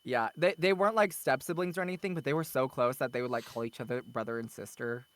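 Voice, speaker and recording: A man chatting casually as an interview guest, from the Southern United States, quick to slip into playful put-on voices when telling stories. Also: medium pitch, fairly bright tone. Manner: chatty, puts on exaggerated Southern voices when quoting people. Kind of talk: casual chat.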